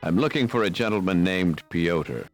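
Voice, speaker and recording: A man's voice: sits low, moderate pace, faint music behind, lightly acted. A man voicing a wisecracking American protagonist abroad in an adventure game, with slangy, sardonic delivery. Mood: wry. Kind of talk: 1990s adventure game voice acting.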